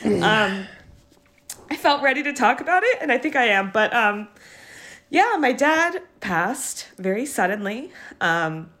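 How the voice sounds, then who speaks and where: A young woman co-hosting a podcast, talking casually and haltingly with many fillers, teary and laughing through it. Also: a little high, very animated, a bit bright. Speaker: podcast co-host. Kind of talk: casual chat.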